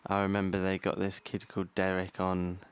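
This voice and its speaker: A man's voice: low-pitched, monotone, fairly quick, clear, resonant tone. A young man co-hosting a podcast, chatty and swearing freely as he tells stories. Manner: chatty storyteller, swears freely, laughs often. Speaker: podcast co-host. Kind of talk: casual chat.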